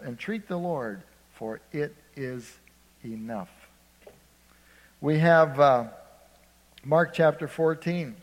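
An older man from Ohio preaching a sermon, shifting between loud emphasis and hushed, conversational storytelling. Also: mid-range voice, big-room sound. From Ohio, USA.

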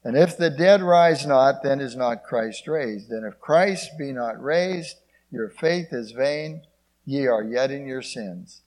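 A man preaching a sermon. He reads scripture in old King James wording, asks the congregation "Amen?", and swings between emphatic peaks and quiet low passages. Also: slow pace.

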